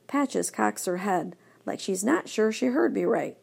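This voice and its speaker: A woman narrating a children's story in first person, lively and expressive. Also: medium pitch, measured pace, creaky, hardly any pauses, breathy edge. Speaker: audiobook narrator.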